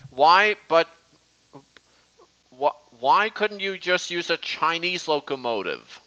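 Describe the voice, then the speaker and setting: A man hosting a casual live stream, talking in an excitable, halting way with many restarts. The sound is dull and lo-fi. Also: fairly high pitch. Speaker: stream host.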